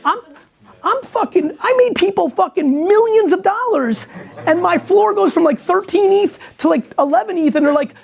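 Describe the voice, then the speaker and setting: A man's voice: very high-pitched, animated, normal speed, creaky. A man in casual conversation, talking bluntly and emphatically with lots of swearing. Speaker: guest entrepreneur.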